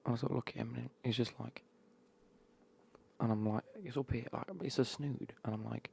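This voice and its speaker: A man's voice: mid-range voice, steady tone, fairly quick, vocal fry, a little mellow, breathy edge. A man whispering through an ASMR gaming stream, rambling and swearing as he chats.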